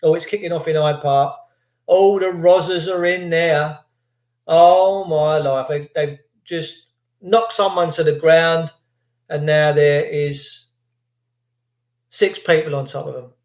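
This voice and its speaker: A man's voice: a little high, steady tone, slow, a little mellow, echoey room. A British man hosting a livestream, ranting in a sarcastic, indignant and rambling way. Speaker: livestream host.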